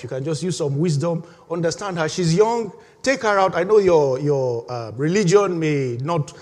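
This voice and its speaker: High-voiced preaching man in a reverberant hall. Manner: animated preaching with call-and-response and laughter. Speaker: pastor. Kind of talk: sermon.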